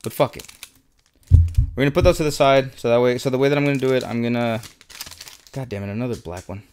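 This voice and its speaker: A man's voice: mid-range voice, quick pace, a little mellow, slight background noise. Young man swearing through a card unboxing. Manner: swears often, mutters while sorting cards, easily frustrated. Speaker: YouTuber opening trading card packs. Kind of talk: casual unboxing commentary.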